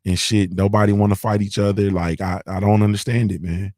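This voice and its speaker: Guy with a lowish voice riffing on his stream, dry close mic, loose and repetitive. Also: level tone, a little fast, darkish tone, no echo. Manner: loose, repetitive, slangy rant with "you feel me". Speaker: morning show host. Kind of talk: casual streaming commentary.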